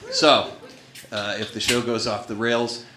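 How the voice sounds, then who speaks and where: Fairly low and unhurried, a man in his thirties delivers profane, wry stand-up on a small comedy club stage, wandering off-track and stopping himself mid-sentence. The live recording sounds roomy and noisy, with laughter from the crowd.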